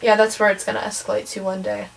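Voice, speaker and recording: A woman's voice: mid-range voice, big pitch swings, quick pace, creaky, rough recording. A teenage girl from Wisconsin with a Midwestern American accent, ranting casually in a vlog, chatty and opinionated with lots of ums. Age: teens. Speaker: vlogger.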